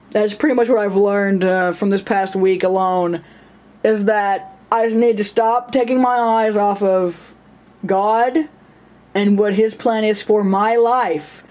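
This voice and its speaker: A woman's voice: medium pitch, darkish tone. A woman talking casually in a personal vlog, rambling and self-mocking, often laughing and acting out voices in her stories. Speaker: vlogger.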